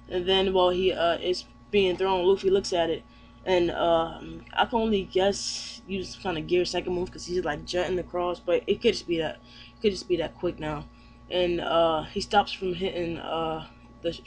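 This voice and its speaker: A man's voice: high-pitched, slight background noise. A man giving a casual manga chapter recap, rambling with many fillers and self-corrections. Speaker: manga reviewer.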